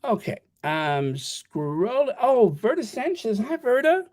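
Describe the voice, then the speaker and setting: Slow rambling livestream host. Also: mid-range voice, very animated, a little mellow, no room sound. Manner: rambling, stammering, reading viewer messages aloud. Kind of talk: casual livestream chat.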